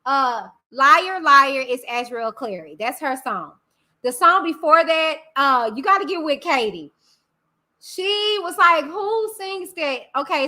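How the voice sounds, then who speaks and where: Bright, high-voiced chatty woman streamer. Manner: chatty, greets viewers by name, drawn-out affectionate greetings. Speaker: livestream host. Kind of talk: casual live-stream chat. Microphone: computer mic in live stream software.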